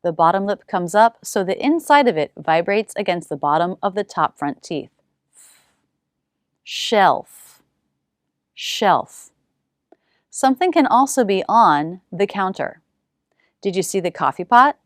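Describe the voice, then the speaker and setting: A woman teaching English pronunciation, saying single sounds and words slowly with exaggerated care. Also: mid-range voice, expressive, no echo, studio quality.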